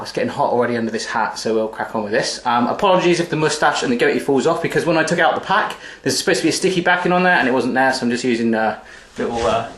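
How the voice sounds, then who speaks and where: A man's voice: mid-range voice, reverberant. A man hosting a cooking show, chatty, jokey and playful as he cooks in a home kitchen into a camera on a tripod. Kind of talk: casual cooking demonstration.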